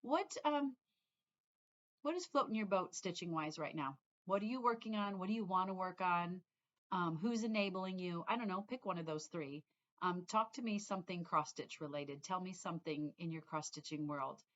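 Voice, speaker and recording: A woman's voice: on the low side, fairly quick, fairly bright tone, highs cut off. A middle-aged woman vlogging casually about her cross-stitch, rambling and often restarting her sentences. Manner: rambling, chatty, trails off and restarts. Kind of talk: casual chat to viewers.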